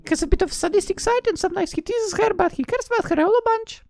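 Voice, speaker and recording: A squealy excited girl heroine. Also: very fast, vocal fry, no room sound, studio quality, faint music behind. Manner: gushing, high-pitched, squealy. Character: bubbly excitable young woman heroine. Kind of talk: visual novel read-aloud.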